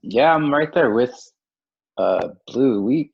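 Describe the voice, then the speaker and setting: A man's voice: mid-range voice, animated, takes it slowly, creaky, husky, no echo. A young man speaking as a podcast guest in casual group discussion, earnest and rambling with lots of filler words. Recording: dry, dull lo-fi audio.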